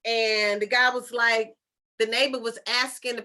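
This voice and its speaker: Woman with a bright voice just talking, casual storytelling, lots of "come on now" kind of disbelief. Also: a little high, fairly even intonation, measured pace. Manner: chatty, incredulous asides with rhetorical questions; informal colloquial speech. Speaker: channeler and storyteller.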